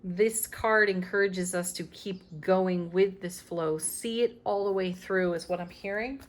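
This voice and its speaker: A woman's voice: on the low side, steady tone, unhurried. A woman giving a daily tarot reading, speaking emphatically with spiritual encouragement and small laughs. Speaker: tarot reader.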